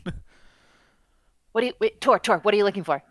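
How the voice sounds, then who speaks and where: A woman's voice: medium pitch, fairly quick, a bit bright, dry recording. A woman playing a tabletop game, speaking casually and politely for her party. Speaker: player.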